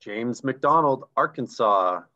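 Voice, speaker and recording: Over a video call with dull, lo-fi audio, a man co-hosts a live online recognition event, reading out names and chatting excitedly about ranks. His mid-range voice is expressive and sharp in tone, and he takes his time.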